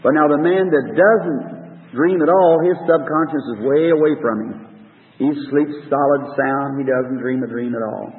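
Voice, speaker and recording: A man's voice: on the high side, moderate pace. A man preaching an old-time revival sermon in a folksy, rambling, earnest way with rural grammar. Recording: tinny distant recording with long hall reverb.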